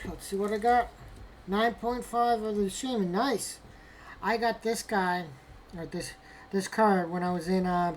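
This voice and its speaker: Slow-talking woman narrating a card unboxing. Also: lowish voice, a little mellow, a little hiss or hum. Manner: mock-dramatic lamenting over bad results; talks to herself while handling cards. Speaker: vlogger opening graded trading cards. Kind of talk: casual unboxing commentary.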